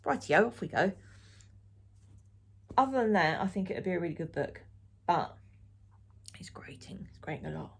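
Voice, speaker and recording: Woman, middle-aged, knitting vlogger, chatty and opinionated, lowish voice, gravelly. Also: big pitch swings, brisk, pauses often. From Essex, England. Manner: chatty, rambling, frank opinions. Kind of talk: casual chat to camera.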